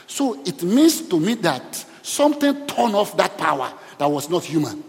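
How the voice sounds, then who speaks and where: A man's voice: on the high side, gravelly. A man preaching a sermon as pastor and asking the congregation questions as he goes. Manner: asks the congregation questions, preaching with call and response. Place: church hall. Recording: reverberant church hall.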